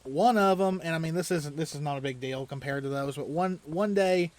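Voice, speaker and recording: A man's voice: fairly high pitch, brisk, a little mellow. Chuckling man telling a story. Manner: chuckles often while telling stories; loose, rambling delivery with restarts. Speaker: let's play host. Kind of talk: casual storytelling while playing a video game.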